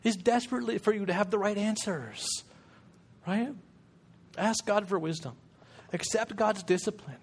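A man's voice: high voice, normal speed, a little hiss or hum. A middle-aged man giving a casual, jokey sermon as guest preacher, often acting out quoted voices.

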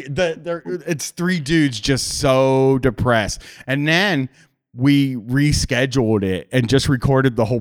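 A man hosting a podcast, telling stories in a loose, rambling way with restarts and casual swearing. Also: medium pitch. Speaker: podcast host.

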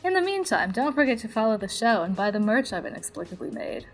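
A woman's voice: a little high, sing-song, fast, soft background music, poor audio. A woman parodying a self-absorbed podcast host in a sarcastic comedy monologue.

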